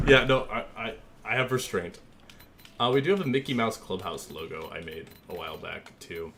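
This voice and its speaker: A man's voice: mid-range voice, a bit bright, a little hiss or hum. A young man casually chatting with his stream while designing a paint scheme, joking and easily amused. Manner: goofy, joking, easily amused, talks to chat. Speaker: gaming streamer.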